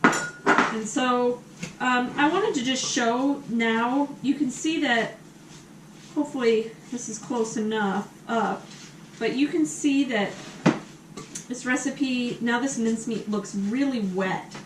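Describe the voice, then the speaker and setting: American woman, cooking host, chatty with ums, slightly high voice, mic at a distance in an echoey kitchen. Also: takes it slowly, heavy background noise. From USA. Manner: chatty, many ums, talks while cooking. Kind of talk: casual cooking demonstration. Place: home kitchen.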